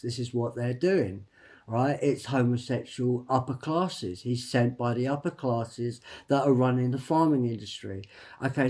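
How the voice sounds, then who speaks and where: A man talking alone to camera in a rambling personal monologue, halting and emphatic, with many restarts and repeated words. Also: mid-range voice, dark tone. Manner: emphatic, tags lines with "right?". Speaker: vlogger.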